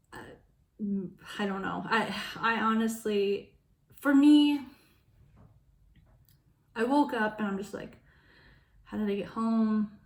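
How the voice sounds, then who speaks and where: A young woman telling a personal story in a casual vlog, frank and full of swearing, laughing between lines and acting out quoted voices in sudden loud high bursts. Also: roomy sound. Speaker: vlogger.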